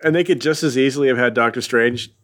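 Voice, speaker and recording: A man's voice: medium pitch, fast. A man in an easygoing podcast conversation, picking apart a comic book. He sounds wry and unconvinced, shrugging off the story's logic. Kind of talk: casual chat.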